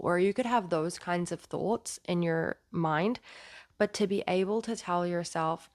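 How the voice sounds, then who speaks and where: A woman's voice: on the low side, measured pace, no room sound. A woman giving earnest relationship advice to camera in a casual, explanatory way. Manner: earnest, explanatory, acts out quoted lines. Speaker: relationship advice video host.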